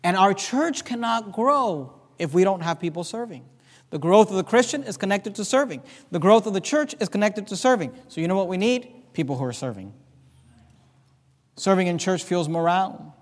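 A man preaching a sermon as pastor, reading scripture aloud with slow, emphatic stress in a church. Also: high voice. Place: church sanctuary. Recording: long reverb of a church hall.

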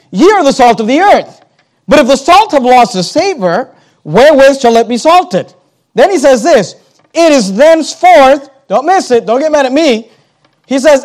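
A man preaching a sermon, emphatic, slowing down on key words, repeating phrases and turning to the congregation with asides. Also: very high-pitched, darkish tone.

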